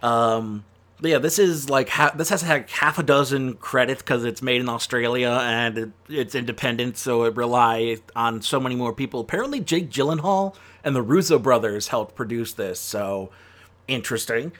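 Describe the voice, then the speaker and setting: A man's voice: medium pitch, moderate pace, a bit bright. A man giving a casual spoken film review, chatty and rambling, with lots of fillers and self-corrections. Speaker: movie reviewer.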